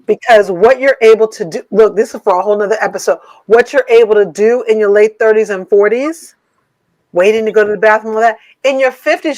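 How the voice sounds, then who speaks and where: A woman's voice: fairly high pitch, brisk, no echo, poor audio. A woman in her fifties co-hosting a podcast from her home office, talking in an emphatic, playful, somewhat preachy way. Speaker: podcast co-host. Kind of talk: casual podcast chat.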